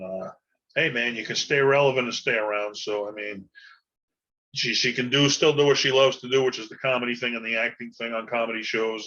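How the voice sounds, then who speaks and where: A man's voice: medium pitch, sharp tone, breathy edge, highs cut off. A man hosting a podcast on his own, talking in a rambling, folksy way with lots of fillers. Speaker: podcast host. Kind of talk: casual solo podcast monologue.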